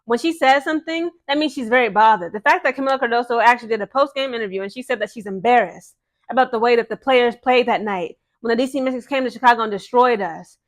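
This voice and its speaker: A woman's voice: a little high, quick pace. A woman vlogging as a sports fan, ranting in a casual, emphatic, exasperated way.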